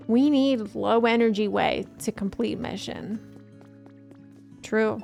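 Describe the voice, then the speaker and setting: A woman's voice: mid-range voice, slow, vocal fry, long pauses, a little mellow, soft background music. A woman streamer chatting casually while she plays, telling a story and laughing often. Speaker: gaming streamer. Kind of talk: casual live-stream chat.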